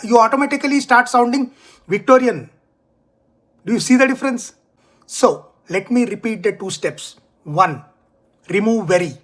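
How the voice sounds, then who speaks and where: Man with a high voice, emphatic writing-coach delivery for an online lesson. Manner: clear, emphatic, deliberate teaching delivery. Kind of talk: scripted online English lesson.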